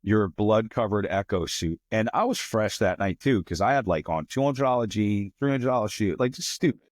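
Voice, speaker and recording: A young man as a podcast guest, talking in an earnest, reflective and halting way. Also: on the low side, lively intonation, no echo, clean studio sound. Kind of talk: casual conversation.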